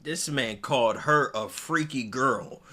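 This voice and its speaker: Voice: medium pitch, a little slow, sharp tone. A co-host reacting to a clip in a scolding, incredulous way. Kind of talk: casual reaction chat.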